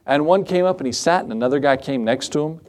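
A man's voice: fairly high pitch, fast talker, a little mellow. A male pastor preaching in church in a conversational way, quizzing the congregation and cracking jokes. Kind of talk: sermon.

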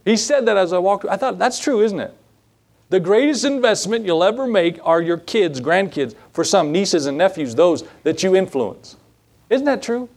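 A man's voice: high voice, lively intonation, moderate pace, darkish tone. A male pastor giving a sermon, telling folksy personal stories in an earnest, conversational way, likely in a church sanctuary.

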